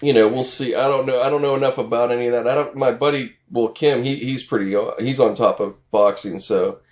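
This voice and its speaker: A man talking loosely and casually, circling back on himself with fillers and restarts. His voice sits at an ordinary middle pitch and he drops in the odd swear word. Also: fairly even intonation, a little fast, lo-fi sound. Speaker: boxing fan in casual conversation. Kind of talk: casual chat.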